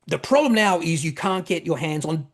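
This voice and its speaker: A man's voice: a little high, animated, normal speed. A man hosting an investing channel, answering viewer questions in a rambling, self-correcting way with plenty of fillers. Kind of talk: casual market commentary, reading viewer questions.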